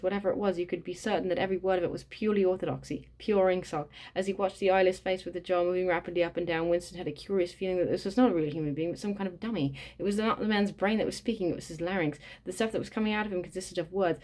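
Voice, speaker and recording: A woman's voice: on the low side, dark tone. A woman reading a book aloud and commenting bluntly and casually, swearing often with plenty of fillers. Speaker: reader and commentator.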